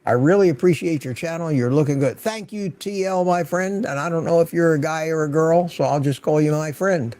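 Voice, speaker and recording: A man's voice: on the high side, a little fast, few pauses, darkish tone. An older man hosting a livestream, chatting casually and rambling as he greets viewers by name from his home studio. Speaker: livestream host.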